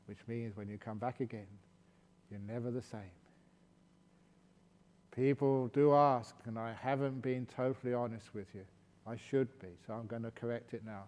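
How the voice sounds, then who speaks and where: Gentle man teaching in echoing hall. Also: mid-range voice, normal speed, long pauses. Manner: gentle, calm, tells playful bad jokes. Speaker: meditation teacher. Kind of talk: dharma talk at a retreat.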